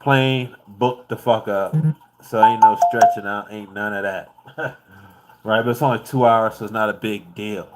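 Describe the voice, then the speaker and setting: A man's voice: fairly low pitch, fairly even intonation, a little slow, music in the background. A man from the United States telling a travel story in a loose, profane, laid-back way, laughing as he goes. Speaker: vlogger.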